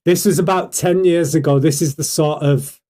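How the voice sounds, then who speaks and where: A British man hosting a casual livestream, talking fast and hyped and firing questions at his chat. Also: a little high, steady tone, mellow. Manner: hyped, rhetorical, keeps asking the chat questions. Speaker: livestream host.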